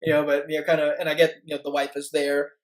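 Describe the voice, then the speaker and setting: A man co-hosting a sports podcast, talking casually and haltingly with lots of "you know" asides. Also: fairly high pitch, completely flat delivery, low-quality recording. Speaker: podcast co-host.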